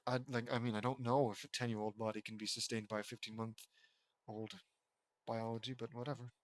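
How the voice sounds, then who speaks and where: A man's voice: mid-range voice, level tone, a little fast, no echo. A man reading a fan fiction story aloud, breaking off into sarcastic, swearing asides. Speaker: audiobook reader.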